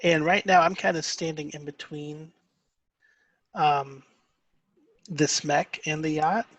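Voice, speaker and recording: A player in a tabletop game, talking casually and deliberately about their next move. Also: medium pitch, steady tone, a bit bright, no echo.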